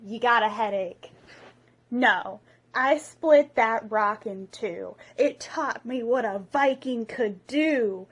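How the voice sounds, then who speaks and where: A gruff, blustering Viking chief brags about his glory days and writes off his son. A young woman puts him on just a little lower and slower, still close to her own slightly high voice, in a home comedy bit. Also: fairly bright tone. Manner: blustering and boastful. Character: gruff, disappointed male Viking chief father.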